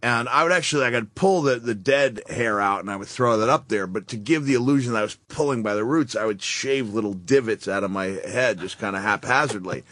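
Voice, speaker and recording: A man's voice: on the low side, fairly quick, hardly any pauses, a bit bright, no room sound. Dry-voiced man telling stories. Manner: self-deprecating, chuckling storyteller. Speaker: guest. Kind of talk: casual storytelling.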